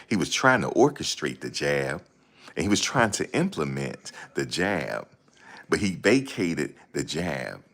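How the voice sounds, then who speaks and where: A man's voice: very deep voice, very animated, a bit bright, heavily acted. A man doing a pompous boxer-turned-analyst. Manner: slow, fancy words, overly formal.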